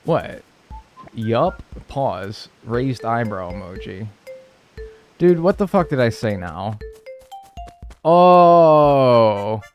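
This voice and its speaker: A man's voice: on the low side, lively intonation, slow, darkish tone, soft background music. A man streaming a speedrun and chatting casually with viewers, rambling, joking and swearing freely. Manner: rambling, profane, jokey banter with chat. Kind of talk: casual livestream chat while playing.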